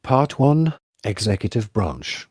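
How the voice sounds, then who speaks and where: A man's voice: fairly low pitch, slow pace, slightly rough, dry recording, clean studio sound. Man reading an official listing, music under. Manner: flat formal recitation of names and titles. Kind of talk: scripted reading of a government listing.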